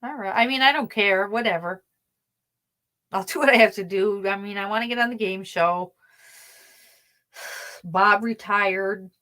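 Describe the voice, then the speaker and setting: A woman with a Pennsylvania accent hosts a loose, unscripted live chat. She meanders from thought to thought, drops casual swears and keeps circling back, speaking at a mid-range pitch. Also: measured pace, pauses often, bright, forceful tone, no room sound, low-quality recording. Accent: Northeastern Pennsylvania. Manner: rambling, chatty, swears casually, trails off and restarts. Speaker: livestream host chatting with viewers.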